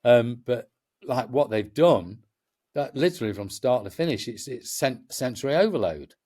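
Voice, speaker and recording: A man's voice: medium pitch, lively intonation, moderate pace, darkish tone, slightly rough. A middle-aged man, a festival promoter chatting as a guest and telling stories passionately, with many restarts. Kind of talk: casual chat.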